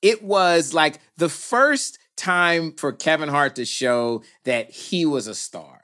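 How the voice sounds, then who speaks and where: A man's voice: fairly high pitch, expressive, takes it slowly. A man who is a film producer, telling a story with energy and acting out the voices of the people in it. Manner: acts out voices in anecdotes, swings from hushed to exclaiming. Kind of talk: animated storytelling.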